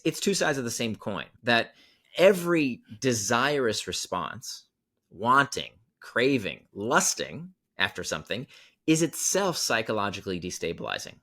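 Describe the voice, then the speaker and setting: Animated, emphatic male podcast guest. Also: medium pitch, unhurried. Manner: emphatic, repeats key phrases for effect. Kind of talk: animated storytelling explanation.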